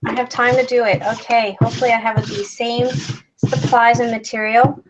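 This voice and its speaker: A woman walks viewers through a craft project on a live stream, explaining each step in a chatty, relaxed way. Her voice sits a little high. The recording sounds dull and lo-fi. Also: normal speed, slight background noise. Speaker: craft tutorial host.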